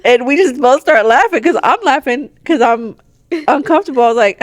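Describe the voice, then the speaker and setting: Female podcast co-host, casual and animated, acts out dialogue; dry recording. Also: on the high side, moderate pace, no echo. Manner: animated, laughs often, acts out both sides of exchanges. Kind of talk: casual chat and storytelling.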